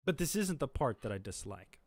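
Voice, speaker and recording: A man's voice: mid-range voice, sing-song, a little fast, dry recording. A man streaming, chatting casually in a rambling, thinking-aloud way full of fillers. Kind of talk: casual chat.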